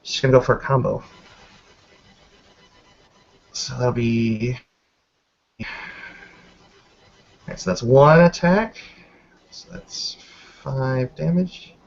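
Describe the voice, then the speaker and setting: Playing a tabletop role-playing game, a man counts his dice rolls aloud and swears casually while describing his character's moves. His medium-pitched voice is creaky and slow, with long pauses. The recording is dull and lo-fi.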